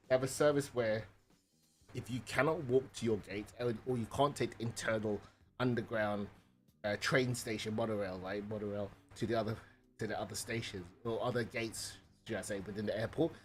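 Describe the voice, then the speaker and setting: A man streaming from home, telling a story in a rambling, animated way, swearing and tagging lines with "right?". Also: medium pitch. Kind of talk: casual storytelling.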